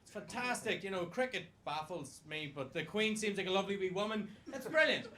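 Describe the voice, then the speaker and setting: High-voiced Irish comic, noisy club. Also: male voice, a little fast. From Ireland. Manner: swearing, self-mocking, excitable punchlines. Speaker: stand-up comedian. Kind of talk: stand-up comedy set. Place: comedy club stage with audience laughter.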